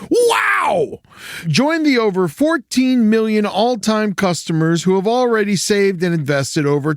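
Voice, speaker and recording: A man's voice: sits high, fairly bright tone, dry recording, studio quality. A man hosting a podcast, reading a sponsor ad in a goofy, riffing way. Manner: goofy, riffing between ad lines. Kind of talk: jokey ad read.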